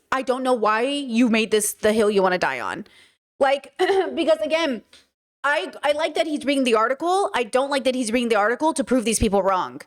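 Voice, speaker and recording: A woman hosting a reaction commentary video, talking bluntly and emphatically, with frequent swearing. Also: high-pitched.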